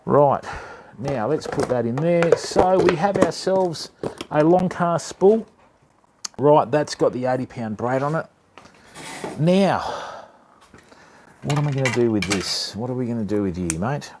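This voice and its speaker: A man's voice: medium pitch, expressive, normal speed, pauses often, noisy background. A man hosting a casual fishing livestream, chatting with viewers and calling them mate. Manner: chatty, matey, addresses chat as mate and fam. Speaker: livestream host of a fishing channel.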